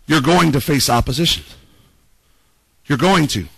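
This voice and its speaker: A man's voice: fairly high pitch, a little slow, creaky, a bit bright, breathy edge, no room sound, poor audio. A man preaching a sermon as pastor, dramatically acting out quoted prayers and voices. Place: church.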